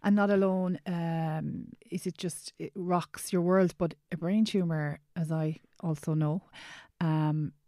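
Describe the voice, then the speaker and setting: A woman hosting a podcast, speaking gently and with empathy, reflecting on her guest's story. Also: lowish voice, steady tone, slow, few pauses, no echo, clean studio sound. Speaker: podcast host. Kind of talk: interview conversation.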